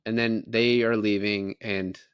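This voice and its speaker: A man's voice: on the low side, little pitch movement, measured pace, clean tone, no room sound. Dry-sounding man recapping a film. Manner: rambling recap, quoting film lines in character. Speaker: podcast co-host. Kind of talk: casual movie recap chat.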